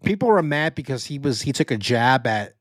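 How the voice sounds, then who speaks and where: A man with a New York accent holds forth on a casual sports podcast, cursing freely and restarting his sentences. His pitch swings widely as he rants. The sound is dry and close, with no room echo. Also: a little fast. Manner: animated, swearing, lots of restarts. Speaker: podcast co-host.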